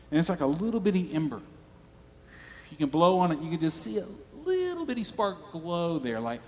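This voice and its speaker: A man's voice: fairly high pitch, sing-song, a little fast, long reverb tail, a little hiss or hum. A male pastor preaching a sermon in a church, conversational and storytelling.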